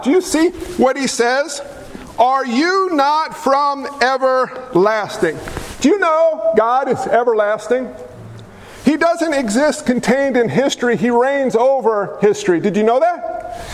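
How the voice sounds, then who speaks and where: Energetic male pastor, high voice, playful and questioning, reverberant church hall. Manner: energetic, joking, asks the congregation questions. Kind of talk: sermon. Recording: echoey hall with faint noise.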